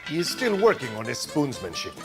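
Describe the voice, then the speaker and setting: A man's voice: medium pitch, wildly swooping pitch, a little fast. A man voicing an upbeat restaurant ad announcer in a put-on Spanish accent, reading a commercial. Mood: salesy. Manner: salesy, bouncy ad read. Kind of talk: radio-style TV commercial voice-over. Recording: commercial with music bed.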